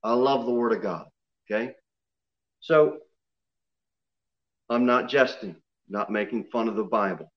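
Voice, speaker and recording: A man's voice: mid-range voice, fairly bright tone, highs cut off. A male pastor preaching a sermon to his church, joking and self-deprecating, often repeating himself. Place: church sanctuary.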